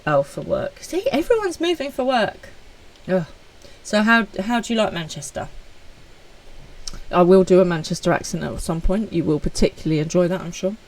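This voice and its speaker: A woman's voice: lowish voice, lively intonation, normal speed, darkish tone, rough recording. A woman streaming live, chatting casually and with self-deprecating humor as she reads out messages from viewers. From United Kingdom.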